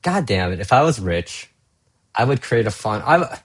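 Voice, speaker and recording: A husky-voiced middle-aged man ranting on his own show. He rambles from gripe to gripe, cursing freely, and his pitch jumps around a lot as he talks. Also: very animated, normal speed. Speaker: vlogger. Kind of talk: casual solo rant.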